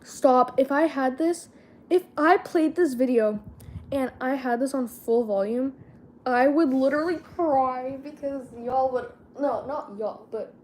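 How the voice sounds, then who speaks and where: A woman's voice: high-pitched, a little slow, darkish tone, slight background noise. A teenage girl vlogging in a casual chat, rambling and slangy and often losing her train of thought.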